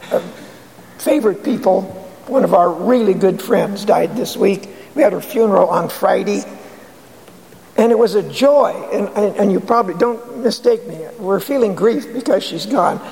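A man's voice: sits high, very animated, moderate pace, gravelly, darkish tone. A man preaching an earnest sermon as pastor, pressing rhetorical questions with emphasis, recorded in a church sanctuary. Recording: long hall reverb.

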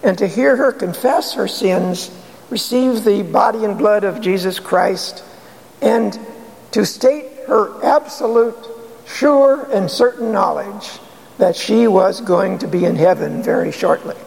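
A man's voice: high-pitched, unhurried, creaky, darkish tone, a little hiss or hum. A man preaching an earnest sermon as pastor, pressing rhetorical questions with emphasis, recorded in a church sanctuary. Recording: long hall reverb.

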